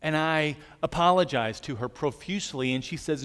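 A man delivering a sermon with an earnest, gentle manner, his voice sitting a little higher than most men's. The sound hangs in a long reverb, as in a large hall. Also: normal speed, clean tone. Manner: earnest, gentle storytelling preacher. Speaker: pastor.

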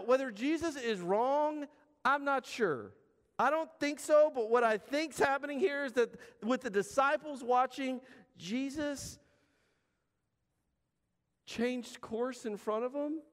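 Guy preaching a sermon, high voice, chatty with big pauses, church hall echo. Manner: conversational preaching with emphatic pauses. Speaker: pastor.

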